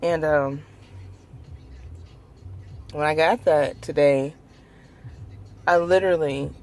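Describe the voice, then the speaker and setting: A woman in her thirties talking slowly in a personal vlog, hesitant, with many pauses. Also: deep voice, steady tone, a little mellow. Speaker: vlogger.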